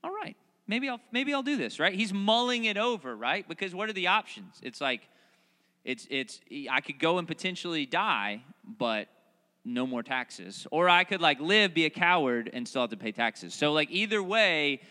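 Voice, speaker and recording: A man preaching a sermon, reading scripture and then retelling it in animated, playful asides where he voices the characters. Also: fairly high pitch, moderate pace, big-room sound. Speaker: pastor. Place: large hall, recorded outdoors in a parking lot.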